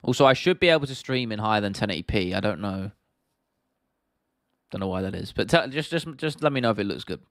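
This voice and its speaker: A man's voice: on the low side, lively intonation, fast talker, fairly bright tone, no room sound, studio quality. A young man with a London accent hosting a casual livestream Q&A, chatting loosely as he reads and answers viewer comments. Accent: London English. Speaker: livestream host.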